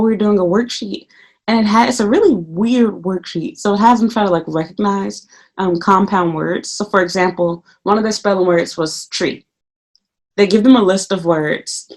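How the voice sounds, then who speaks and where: Woman venting profanely in a vlog. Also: on the low side. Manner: profane, animated storytelling; acts out her own quoted remarks. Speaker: English teacher in Japan.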